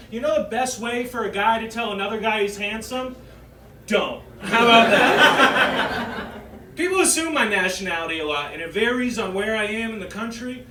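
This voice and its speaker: Young male stand-up, Massachusetts accent, brash and animated, voice sits high, roomy stage sound. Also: brisk. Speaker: stand-up comedian. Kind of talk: stand-up set. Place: comedy club stage. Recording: roomy club sound from far off with audience noise. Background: audience laughter.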